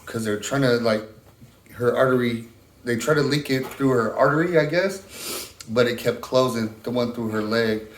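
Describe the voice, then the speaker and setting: A middle-aged man telling a long, halting story in a casual interview, full of restarts. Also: mid-range voice, echoey room. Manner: rambling, halting, many restarts. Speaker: interviewee, husband of a stroke patient.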